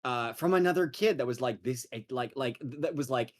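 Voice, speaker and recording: A man's voice: medium pitch, brisk. Rambling man guest on a stream. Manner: rambling, self-interrupting storyteller. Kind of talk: casual live stream chat.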